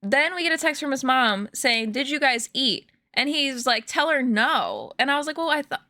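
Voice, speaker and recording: Bright-voiced young woman chatting on stream. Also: high voice, big pitch swings, normal speed, dry recording. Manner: chatty, rambling storytelling with many fillers and laughs. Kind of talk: casual chat to stream viewers. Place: home room.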